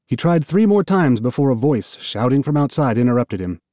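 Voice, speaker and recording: A man narrating an audiobook in an expressive, storytelling manner. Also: medium pitch, normal speed, dry recording, clean studio sound. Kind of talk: scripted narration.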